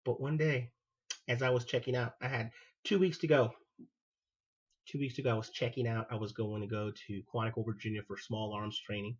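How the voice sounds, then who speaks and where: A man, a former Marine hosting his own show, telling a personal story in an animated way and acting out what people said. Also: medium pitch, fairly quick, breathy edge, highs cut off. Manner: animated, acts out quoted dialogue. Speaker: podcast host, former Marine.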